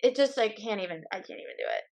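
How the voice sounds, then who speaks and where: A woman's voice: medium pitch, huge pitch swings, racing, vocal fry. A young woman in her twenties speaks as a podcast guest, loose and casual. She is candid and blunt, and she slips into playful quoted lines in her own voice. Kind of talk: casual chat.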